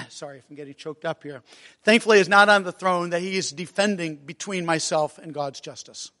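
Earnest male preacher, high voice, slow heartfelt sermon, long hall reverb. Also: sharp tone. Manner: earnest, emotional, reads hymn lines slowly.

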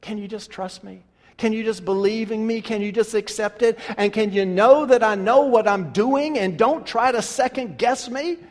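A preacher acting out Jesus in a raised, pleading voice, slow and earnest, coaxing a friend to trust him. The words are drawn out with gentle insistence, and a long hall reverb trails behind every line. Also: male voice, high voice, voice pushed up, natural voice. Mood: insistent. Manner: pleading, conversational, stretching words slowly.

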